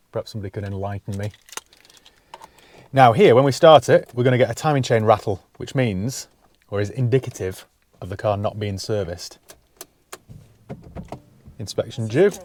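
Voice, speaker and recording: A man's voice: medium pitch, darkish tone, a little hiss or hum. A man giving a casual, dry-humoured walkaround of a used car he has bought, talking from inside the parked car on a cold day. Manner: dry, wry asides.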